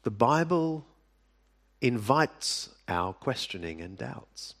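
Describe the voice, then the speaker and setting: A man preaching a sermon, speaking deliberately with dramatic pauses and sudden drops to a hush. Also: mid-range voice, big pitch swings. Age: adult. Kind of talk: sermon to a live audience.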